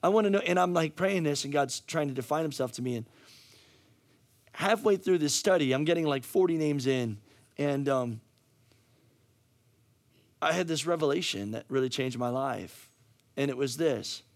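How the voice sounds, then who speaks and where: A middle-aged male pastor preaching a sermon with a hoarse, worn voice, swinging from casual asides to fired-up, near-shouted emphasis. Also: a little high, normal speed, pauses often. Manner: energetic, rising to near-shouting, conversational asides. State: hoarse, losing his voice.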